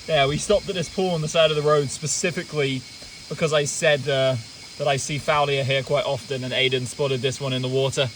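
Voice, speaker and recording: Young man, vlog host, bright tense voice, excitable casual commentary, outdoors at night, faint noise, crickets behind. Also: medium pitch. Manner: excitable, chatty, swears casually. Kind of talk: casual on-the-spot field commentary. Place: outdoors at night by a forest stream.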